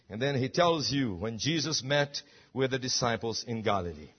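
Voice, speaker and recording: A man's voice: mid-range voice, normal speed, husky, dull audio. A man preaching a sermon, emphatic and full of rhetorical questions. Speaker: pastor.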